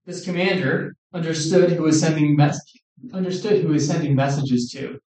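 A man's voice: fairly high pitch, darkish tone. Man preaching in an echoey hall. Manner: earnest, measured, quoting scripture. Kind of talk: sermon. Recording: echoey room, distant mic.

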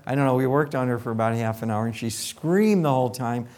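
With background noise behind him, a dentist in his later years talks quickly at a medium pitch. He's telling lively, casual anecdotes about patients and performing their quoted lines.

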